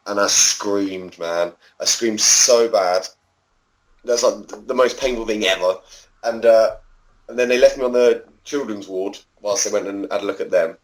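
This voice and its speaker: A man's voice: fairly low pitch, low-quality recording. A man in his thirties, a podcast guest who tells a long story in a chatty way, swears freely and acts out the voices of other people. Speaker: podcast guest, former backyard wrestler. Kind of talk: casual storytelling interview.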